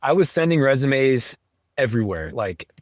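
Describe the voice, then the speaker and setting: A man, a helicopter pilot guest on a podcast, talking about his career in a relaxed way full of fillers. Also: medium pitch, moderate pace, dry recording, studio quality. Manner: relaxed, filler-heavy, quoting himself. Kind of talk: casual interview chat.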